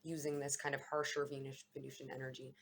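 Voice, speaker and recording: A woman's voice: very deep voice, flat delivery, fast, fairly bright tone, a little hiss or hum. A woman vlogger talking casually and reflectively to camera about astrology, meandering and often correcting herself mid-sentence. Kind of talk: casual spiritual musing to camera.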